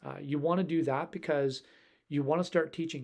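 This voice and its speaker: A man's voice: a little high, fairly even intonation, brisk, creaky, a little mellow. Chatty male dog trainer, rambling. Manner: rambling, conversational, folksy. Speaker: dog trainer and behavior specialist. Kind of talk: casual live-stream Q&A.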